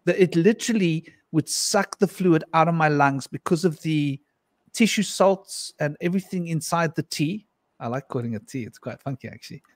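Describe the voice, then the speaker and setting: A man's voice: a little high, normal speed, no echo, clean studio sound. Rambling man telling a tale, laughing. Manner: rambling, laughs often, acts out quotes. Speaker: panel guest. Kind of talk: casual storytelling on a live panel.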